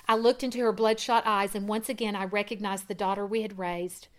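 A woman reading a first-person testimony aloud in an earnest way, growing louder at dramatic moments. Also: mid-range voice, fairly even intonation, brisk, hardly any pauses. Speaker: reader.

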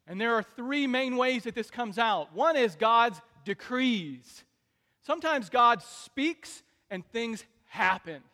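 Brief: high-pitched male preacher, dynamic sermon delivery, long hall reverb. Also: expressive, slow. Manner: dynamic delivery, swings between soft asides and loud emphatic peaks.

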